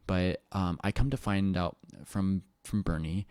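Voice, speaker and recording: A man talking to his viewers in a rambling, excitable personal monologue, full of restarts and swearing. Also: sits low, a little slow, clean tone, no room sound. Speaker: vlogger.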